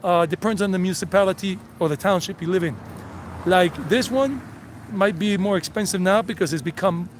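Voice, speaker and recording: A man's voice: high voice, brisk, slight background noise. A man hosting a casual walking tour vlog outdoors, chatting to the camera and joking with street vendors. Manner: chatty, switches to Spanish with locals, laughs easily. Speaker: travel vlogger and tour host.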